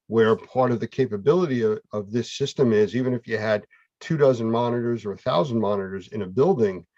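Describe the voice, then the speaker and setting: A man's voice: fairly low pitch, a little mellow, no room sound. Man, host, casual chat, explanatory, dull lo-fi audio, dry sound.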